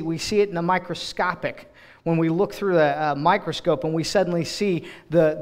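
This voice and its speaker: A man preaching a sermon about ministry, expressive, acting out quoted voices and often restarting phrases. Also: on the high side. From United States. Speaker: director of global partnerships speaking in church.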